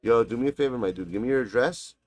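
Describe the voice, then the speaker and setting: A gaming streamer plays a basketball video game live, taunting and mocking his opponent with profane trash talk. His voice is medium-pitched and fast, with no room sound and faint music behind.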